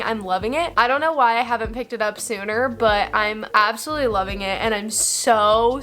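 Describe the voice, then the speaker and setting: A woman's voice: on the high side, fairly bright tone. A young woman in her twenties vlogging at home about her reading, bubbly and gushing, often giggling. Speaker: book vlogger. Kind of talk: casual vlog chat.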